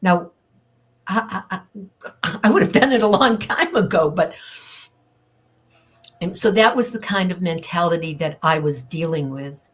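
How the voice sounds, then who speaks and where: A woman's voice: lowish voice, a little slow, long pauses. An older woman, a guest on an interview show, telling a personal story frankly and acting out the people she quotes. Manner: candid, lively storytelling with acted-out quotes.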